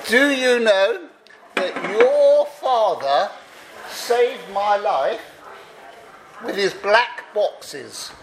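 A man voicing a drunk middle-aged Scottish soldier who speaks slowly and emphatically. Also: sits high, expressive, reverberant, poor audio. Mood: earnest.

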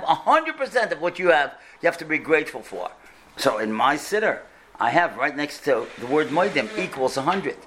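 Higher-voiced man preaching with stories. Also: fairly bright tone, slight background noise. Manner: earnest, builds to emphatic points and rhetorical questions. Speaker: religious speaker. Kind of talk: sermon with storytelling.

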